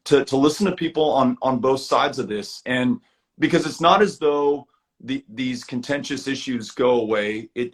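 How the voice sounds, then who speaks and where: A man talking as a guest in a casual live video chat, earnest and reflective, often repeating words as he restarts. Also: mid-range voice.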